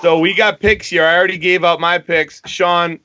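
A man's voice: high-pitched, moderate pace, slight background noise. A man co-hosting a sports podcast, leading the picks and teasing the others. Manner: excitable, teasing. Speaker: podcast co-host. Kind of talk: casual sports banter. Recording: dry dull lo-fi audio.

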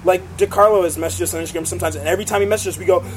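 A teenage boy in a band, chatting excitably in an interview and acting out what people said. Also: high-pitched, racing, a crowd in the background, rough recording. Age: teens. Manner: excitable, acts out quotes, many fillers. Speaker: band member guest. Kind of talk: casual interview chat.

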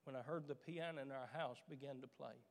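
A man's voice: mid-range voice, steady tone, a little fast, vocal fry. A middle-aged man preaching a sermon as pastor, repeating his phrases and rising to fervent emphasis. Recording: church sanctuary with long reverb.

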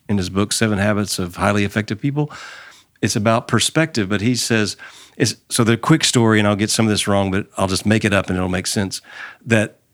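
A man hosts a faith-flavored podcast built on casual conversation, speaking earnestly and retelling stories with feeling. His voice is on the low side with a fairly bright tone.

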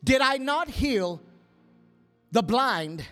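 A man acting out the voice of God in a sermon story, speaking low, soft and calm, quieter than his own preaching voice. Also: extremely slow, soft background music, heavily acted. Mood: gentle. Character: God, calm gentle fatherly male voice.

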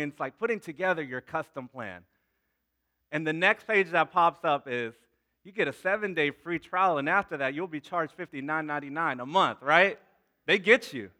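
This man in his thirties is a pastor whose high-pitched voice rings bright and forceful. During his sermon with prayer, he repeats words and calls out to the congregation.

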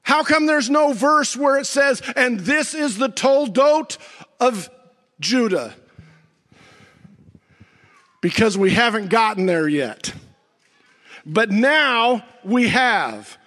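A man pastor preaching a sermon, swinging from near-shouts down to low, slow emphasis with dramatic pauses. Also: animated, big-room sound.

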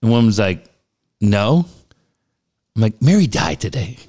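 A man's voice: fairly low pitch, sing-song, fast talker, a little mellow. A middle-aged man telling a story in casual chat, jumping into the voices of the people he quotes.

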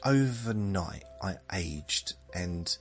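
Slow, deep-voiced older man rambling. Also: expressive, soft background music. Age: 70s. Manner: meandering, self-mocking, drawn out. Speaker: podcast host. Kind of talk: rambling bedtime monologue.

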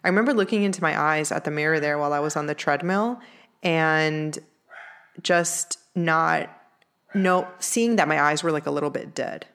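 A woman's voice: low voice, moderate pace, a bit bright, clear, resonant tone. A young woman telling a personal story in a candid, earnest way, with lots of "like" fillers. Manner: candid, heavy use of "like" fillers; earnest, emotional confessional tone.

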